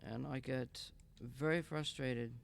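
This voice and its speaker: A man's voice: medium pitch, fairly even intonation, slow, creaky. A man streaming a game live, muttering and swearing in frustration to himself. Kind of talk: live gameplay stream talk.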